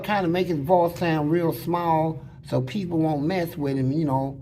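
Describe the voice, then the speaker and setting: A man bluntly telling prison stories in casual, animated talk. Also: fairly high pitch, a little slow, few pauses, a little hiss or hum. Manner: animated, blunt, slips into voices. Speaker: interviewee.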